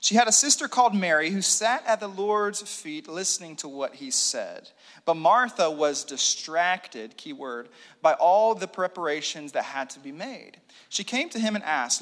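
A man preaching a sermon in a church room, animated, with joking asides and hushed prayer. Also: fairly high pitch, normal speed. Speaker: pastor. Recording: long reverb of a hall.

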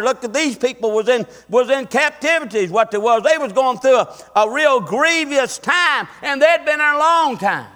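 A man's voice: very high voice, lively intonation, moderate pace, hardly any pauses, sharp tone, in a large hall. A man preaching a sermon, building emphasis with repeated rhetorical questions. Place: church sanctuary.

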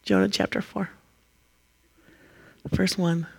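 Lively woman preaching a sermon. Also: fairly low pitch, slow pace, vocal fry, a little hiss or hum. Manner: lively storytelling, acts out quotes with laughs.

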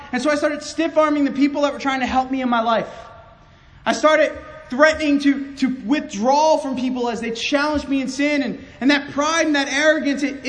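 A young man giving an impassioned sermon testimony, stammering over restarts and swinging from loud outbursts to hushed confession. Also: very high voice, rough recording. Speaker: preacher.

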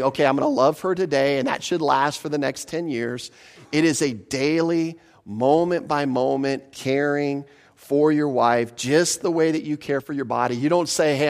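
Man preaching in a conversational way. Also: on the high side. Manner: conversational, asks the listeners questions; slows for emphasis on scripture. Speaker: pastor. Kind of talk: sermon.

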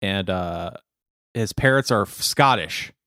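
A man's voice: low-pitched, slow pace, a bit bright, no room sound, studio quality. A man co-hosting a podcast in casual chat, laughing often and slipping into mock accents when he quotes. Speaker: podcast co-host.

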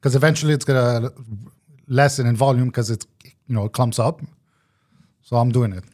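A young man in casual podcast banter, teasing his friend and laughing easily. His voice sits at an ordinary middle pitch, relaxed and conversational. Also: a little fast. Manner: joking, laughs often, says bro. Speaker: podcast co-host. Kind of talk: casual chat.

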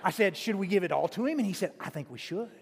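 High-voiced preacher in a reverberant hall. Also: male voice, quick pace. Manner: folksy, animated storytelling with many restarts. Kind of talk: storytelling sermon. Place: church sanctuary.

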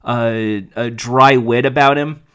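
A man hosting a podcast, talking quickly and wryly about the news with a self-mocking humor. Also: mid-range voice, fairly even intonation, a bit bright, smooth. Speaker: podcast host. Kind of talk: casual podcast commentary.

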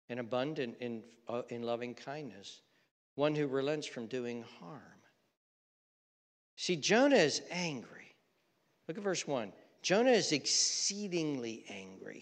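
A man preaching a sermon, swinging from loud mocking outbursts to soft, earnest appeals. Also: mid-range voice, long reverb tail. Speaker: pastor.

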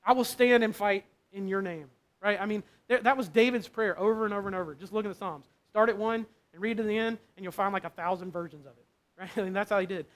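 A man with a high-pitched voice preaching a sermon. He talks in a casual, conversational way. He keeps checking in with the room by asking "right?". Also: quick pace. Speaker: pastor.

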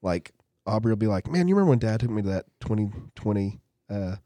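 A man's voice: lowish voice, sing-song, fast talker, mellow, dry recording. A middle-aged man hosting a casual chat, telling rambling stories and acting out the people in them. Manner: rambling, storytelling with quoted voices. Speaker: host.

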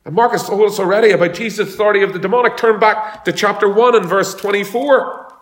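A man's voice: high-pitched, quick pace. A man preaching a sermon as pastor, talking in a conversational way and telling homely stories. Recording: echoey room.

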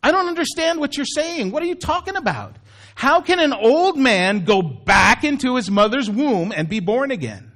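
A man's voice: very high voice, big pitch swings, moderate pace, a bit bright, pitched above the performer's own voice, full character voice. A man voicing a puzzled older man who keeps asking bewildered, pleading questions.

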